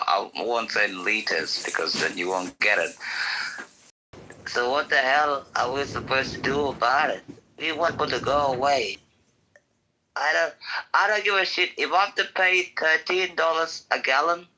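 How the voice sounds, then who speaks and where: Bright-voiced man ranting with profanity. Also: mid-range voice, poor audio. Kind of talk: heated call-in discussion.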